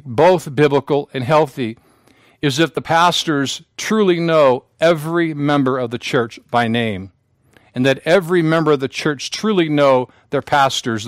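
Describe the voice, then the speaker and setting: A man's voice: a little high, no room sound. A male pastor preaching a sermon to his congregation, with solemn emphasis and repetition. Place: church sanctuary.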